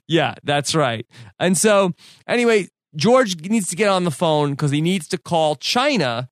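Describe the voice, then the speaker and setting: A man's voice: on the high side, sing-song, unhurried, no room sound, studio quality. A man on a podcast, casually telling a story with many fillers and restarts. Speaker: podcast co-host. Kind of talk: casual chat recounting a story.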